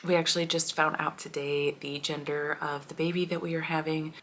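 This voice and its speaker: A woman in her thirties shares personal news in a heartfelt vlog. Her voice is low and fairly even, soft and emotional, with a gentle, prayerful tone. Faint room ambience sits behind her. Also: fairly quick, slight background noise. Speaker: homeschooling mom vlogger.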